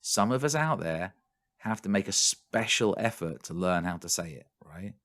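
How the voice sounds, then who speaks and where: A man's voice: low voice, animated, moderate pace, a bit bright. A man co-hosting a casual whisky podcast, rambling with frequent restarts and laughter. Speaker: podcast co-host. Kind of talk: casual chat.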